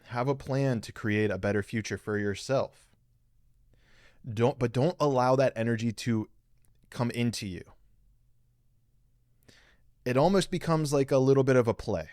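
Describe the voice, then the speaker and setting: A man's voice: mid-range voice, measured pace, pauses often, darkish tone, no room sound, studio quality. A man hosting a podcast, giving an earnest spiritual teaching monologue and coaching listeners directly, with a lot of repetition. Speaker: podcast host. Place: live stream reading viewer comments.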